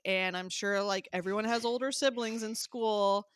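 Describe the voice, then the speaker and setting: Chatty woman podcaster with a smooth voice. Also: medium pitch, fairly even intonation, normal speed, hardly any pauses, dry recording. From American South. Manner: chatty, laughing often, lots of "like". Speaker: podcast co-host. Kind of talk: casual chat.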